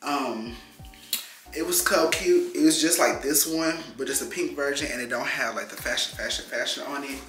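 A young man chatting casually to camera in a slangy, loose vlog manner, jumping up in pitch now and then. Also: normal speed. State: out of breath. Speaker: vlogger. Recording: roomy sound with loud music underneath.

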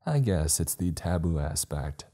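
Cold, smug young woman, as a deep-voiced man puts her on. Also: a little slow, heavily acted. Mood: calm, smug. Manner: calm and emotionless, smug. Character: calm, cocky, unsettling young woman. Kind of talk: scripted horror narration.

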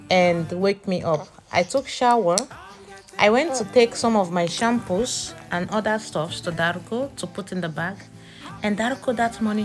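Tired woman vlogger chatting to viewers. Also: on the low side. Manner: chatty, addresses viewers as guys. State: tired, exhausted. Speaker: family vlogger. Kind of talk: casual vlog narration.

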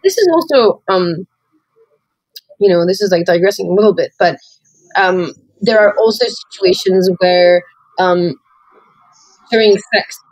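A woman's voice: medium pitch, unhurried, pauses often, no room sound, rough recording. A woman co-hosting a podcast, talking candidly and reflectively, with many fillers and restarts. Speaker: podcast co-host. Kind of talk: candid conversational chat.

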